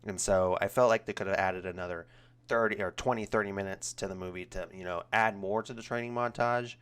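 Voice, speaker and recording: Low-voiced young man reviewing a movie. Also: fairly quick, clean tone. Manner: rambling, many ums and restarts, grows animated when critical. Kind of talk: casual spoken review.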